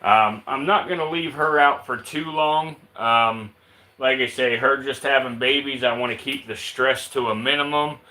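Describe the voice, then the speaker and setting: Man, relaxed live-stream host, bright voice, drawling and unhurried. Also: mid-range voice, poor audio. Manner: relaxed, drawling, reads out viewer names and questions. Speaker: reptile keeper streaming live. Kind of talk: casual live-stream chat.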